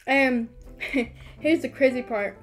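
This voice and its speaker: A high-voiced teenage girl tells a story on a casual podcast, chatty and animated with lots of "like". Soft music plays faintly behind her. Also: slow. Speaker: podcast co-host.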